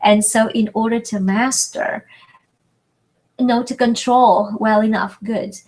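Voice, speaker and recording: A woman whose first language is French, teaching in a webinar lesson, speaking slowly and deliberately and stretching her vowels to enunciate everything. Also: a little high, fairly even intonation, darkish tone, low-quality recording. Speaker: French tutor.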